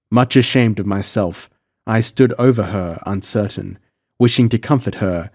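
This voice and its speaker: A man narrating a pulp adventure audiobook in the first person, measured and dramatic. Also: fairly low pitch, a little mellow, no room sound, studio quality.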